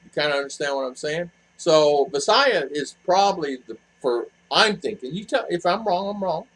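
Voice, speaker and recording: A man hosts a casual live chat and answers viewers one after another. His voice sits a little high, and his talk wanders, full of fillers and false starts. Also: lively intonation, moderate pace, a bit bright, rough recording. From expat living in the Philippines. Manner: rambling, with many fillers and restarts.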